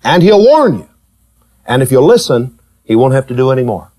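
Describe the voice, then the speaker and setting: A man preaching a sermon, teasing and questioning his listeners, with slow, emphatic delivery that rises and falls. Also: medium pitch. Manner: animated, teasing, asks the congregation questions.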